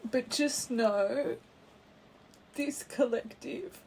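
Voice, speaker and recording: A woman giving a tarot card reading to her viewers, speaking gently and heartfelt and calling her listeners her angels. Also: on the high side, very slow, slight background noise. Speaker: tarot reader.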